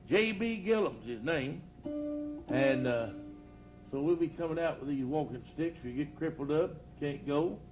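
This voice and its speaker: Folksy older preacher telling jokes. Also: male voice, on the high side, a little hiss or hum. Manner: folksy, rambling, laughs at his own jokes. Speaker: country preacher and storyteller. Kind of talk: live comic storytelling. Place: outdoor church campground before a live audience.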